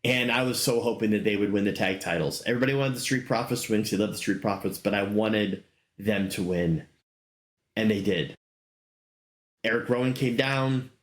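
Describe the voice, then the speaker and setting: A man's voice: lowish voice, a bit bright. A middle-aged man hosting a casual solo talk show, rambling enthusiastically with many fillers. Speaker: podcast host. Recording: roomy echo.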